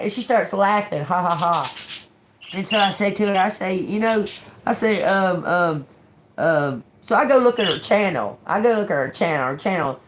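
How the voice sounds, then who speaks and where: Woman, tarot livestream host, casual animated rant, swears a lot, laughs often, middle pitch, faint ambient noise. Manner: acts out quoted exchanges. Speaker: tarot reader hosting a livestream.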